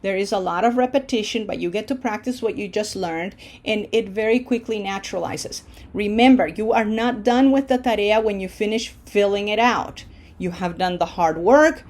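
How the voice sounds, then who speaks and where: A woman's voice: mid-range voice, moderate pace, darkish tone. A woman teaching Spanish verb forms in English, explaining patiently step by step and checking in with "okay?". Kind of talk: online language lesson.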